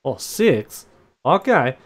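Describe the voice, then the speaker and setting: Male GM, animated wrestling-announcer narration, average pitch. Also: slow pace. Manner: lively, laughing, ring-announcer flair. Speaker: game master. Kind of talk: narrating a tabletop wrestling game.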